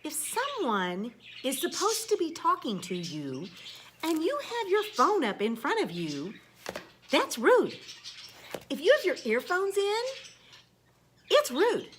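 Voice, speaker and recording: A woman's voice: sits high, huge pitch swings, slow, long pauses, a bit bright, slight background noise. A woman teacher, ranting casually in a blunt, sarcastic way and swearing now and then.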